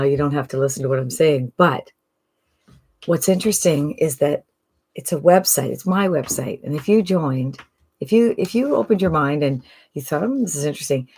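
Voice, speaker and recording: Her voice is low, deep and warm as this Canadian woman, an online business promoter, makes a laid-back sales pitch. Chatty and persuasive, she keeps asking the listener rhetorical questions.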